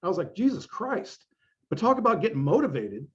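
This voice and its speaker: A middle-aged man, speaking as a guest fitness coach in casual conversation. He is blunt and emphatic and swears freely, with a voice slightly higher than most men's. The recording is dull and lo-fi. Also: big pitch swings, rapid-fire. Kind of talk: casual interview talk.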